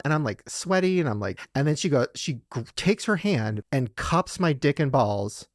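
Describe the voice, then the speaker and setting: A man's voice: fairly high pitch, very animated, moderate pace, hardly any pauses, no room sound, studio quality. A young man hosting a podcast, telling a story in casual chat and laughing often. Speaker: podcast host.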